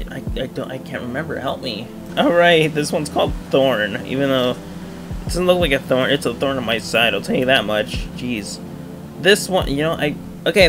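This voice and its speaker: A man giving excitable gameplay commentary, yelling in frustration and rambling. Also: mid-range voice. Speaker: gaming YouTuber.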